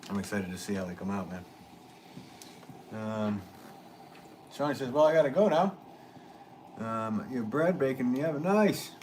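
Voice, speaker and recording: A man's voice: medium pitch, animated, moderate pace, pauses often, a little mellow. A middle-aged man, a potter, chatting casually and rambling on a live stream as he reads viewers' comments aloud. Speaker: potter hosting a livestream. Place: pottery studio. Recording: noisy background.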